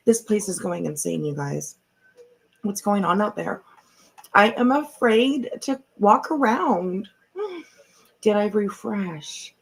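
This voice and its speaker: A middle-aged woman chats casually to her livestream audience from home, speaking into her computer mic. Her voice has a gravelly edge and a husky texture. She rambles with side comments and swears freely. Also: medium pitch, expressive, takes it slowly, pauses often, low-quality recording. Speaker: livestream host.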